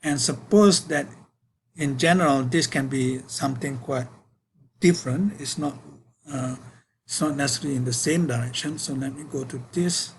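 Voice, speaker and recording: A man giving a university physics lecture, working through equations in a halting way with many fillers and self-corrections. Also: medium pitch, a little hiss or hum, rough recording.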